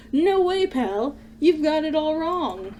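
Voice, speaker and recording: A woman voicing a gruff, big-hearted male police detective in a video game, blunt and quick to call people "pal.". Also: a little high, expressive, a little mellow, slight background noise. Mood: protesting.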